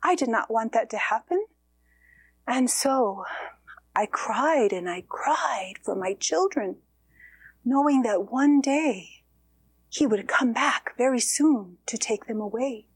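A woman telling a story in the first person as a weeping ghost mother who lost her children, in a slow, sorrowful manner with sighs and soft whispers. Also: a little high, lively intonation, breathy edge, dry recording, full character voice.

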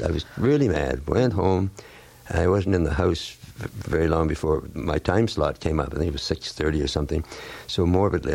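Gravelly older man telling radio stories. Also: low voice, no room sound. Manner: wry, animated when quoting others. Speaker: veteran radio broadcaster guest. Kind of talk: anecdotal storytelling.

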